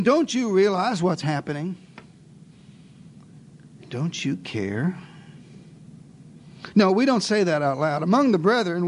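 A man preaching a dramatic sermon, telling the story in first person as one of the disciples, swinging between hushed asides and raised exclamations and asking his listeners questions. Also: a little high. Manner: addresses listeners directly with rhetorical questions.

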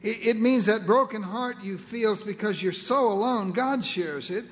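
A man with a high voice preaches a sermon as pastor. He speaks earnestly, slowing for emphasis and repeating his key phrases. His voice trails off into the long reverb of a large hall.

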